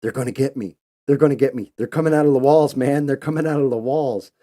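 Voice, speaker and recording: Man playing terrified young guy, trembling, pitched up and louder. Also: fast, natural voice. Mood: panicked. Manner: panicked, trembling.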